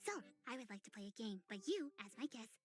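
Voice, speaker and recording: A woman voicing an odd, whimsical young woman hosting a tea party, rambling dreamily with sudden leaps in pitch. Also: expressive, fast talker, darkish tone, soft background music.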